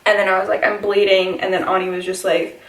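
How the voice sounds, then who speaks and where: A woman's voice: mid-range voice, fast. A young woman vlogger casually telling a funny story, giggling and acting out what people said. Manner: giggly, animated retelling with quoted voices. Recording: echoey room, mic at a distance.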